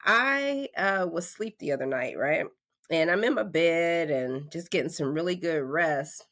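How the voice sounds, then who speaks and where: Woman in her 40s hosting a podcast, chatty storyteller, does little voices for quotes, kinda low pitched. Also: measured pace. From North Carolina, USA. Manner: animated, acts out voices in quotes, conversational. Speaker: podcast host. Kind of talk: casual storytelling monologue.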